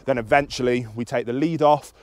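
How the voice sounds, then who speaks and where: Calm British man explaining dog training. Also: fairly quick, dry recording. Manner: calm and instructive, with high excited praise to the dog. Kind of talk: explaining to camera while training outdoors.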